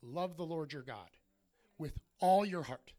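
A man's voice: a little high, a little slow, mellow. A man preaching a sermon, telling the story with energy and acting out the voices of the people in it. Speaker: pastor.

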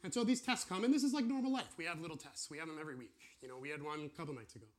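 A man's voice: on the high side, racing. A man teaching a casual sermon, drawing on a board as he talks and acting out what God and believers say. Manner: animated, acts out voices of God and believers. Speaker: preacher teaching a series.

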